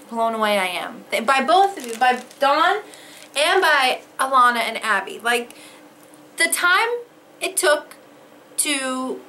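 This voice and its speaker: Excitable high-voiced woman unboxing mail. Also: a little hiss or hum. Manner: gasping, excitable, swears freely. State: overwhelmed with emotion. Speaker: vlogger opening fan mail. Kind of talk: casual unboxing chat.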